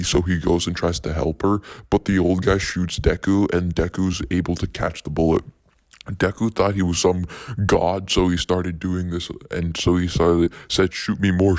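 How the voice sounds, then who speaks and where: Male YouTuber, low, even monotone, dry close sound, rambling casual storyteller. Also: dry recording. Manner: rambling, repetitive run-on storytelling. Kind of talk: casual retelling of a fan parody.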